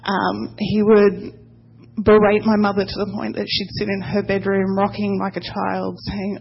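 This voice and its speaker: A woman sharing a halting, emotional personal testimony with a church congregation. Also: mid-range voice, monotone, vocal fry, husky, highs cut off. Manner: emotional but tenacious, halting.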